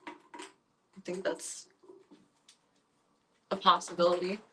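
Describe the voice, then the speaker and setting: A woman's voice: lowish voice, flat delivery, slow pace, bright, forceful tone, slight background noise. A woman streaming casually from her workplace, chatting and cooing in baby talk to the animals she looks after. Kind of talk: casual live-stream chat.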